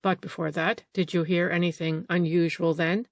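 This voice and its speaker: Gentle old male sleuth voiced by a woman narrator, lowish and even, close dry read. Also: normal speed, no echo, natural voice. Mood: polite. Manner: polite, calm, questioning.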